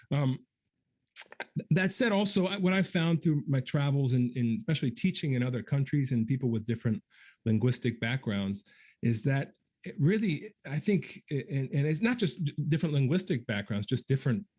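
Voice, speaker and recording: A man at a middle, everyday pitch talks through a musical question in a relaxed livestream chat. He thinks aloud with frequent ums and restarts, and breaks into quick scatted articulation syllables to demonstrate. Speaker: guest trombonist answering viewer questions. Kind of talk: casual livestream Q&A.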